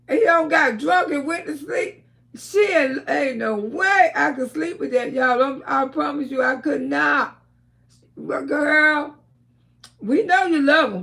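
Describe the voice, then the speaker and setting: A woman hosting a casual livestream, talking loudly with frequent laughter and cursing while telling stories to her viewers. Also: high-pitched, vocal fry. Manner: loud, laughing, storytelling with lots of cursing. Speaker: livestream host.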